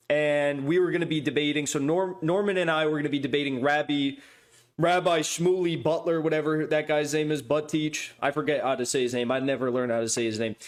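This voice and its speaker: A man hosting a podcast, talking in a loose, rambling way with many asides and restarts. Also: fairly high pitch. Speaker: podcast host. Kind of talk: casual rambling monologue.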